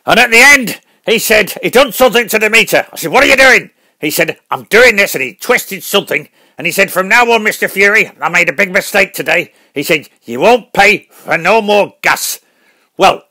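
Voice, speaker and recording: A man voicing a boastful, hot-headed older boxing dad who gets loud and worked up. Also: high voice, exaggerated voice.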